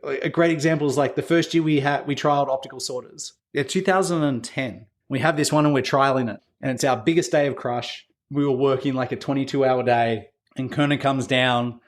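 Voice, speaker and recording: A man's voice: medium pitch, fairly even intonation, brisk, few pauses. A man who runs a winery, a guest on an interview podcast, telling casual stories full of fillers and acted-out dialogue. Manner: anecdotal, acts out quoted dialogue with filler words.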